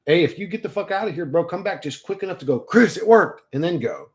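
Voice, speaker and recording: A man's voice: on the high side, expressive, fast, a little mellow. A man streaming casual chat with viewers, talking in a crude, profane way and laughing often.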